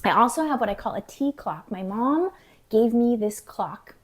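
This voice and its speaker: A middle-aged woman chatting casually to camera in her home kitchen, talking to herself and dropping into soft whispered asides. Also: fairly high pitch, expressive, moderate pace. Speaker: vlogger.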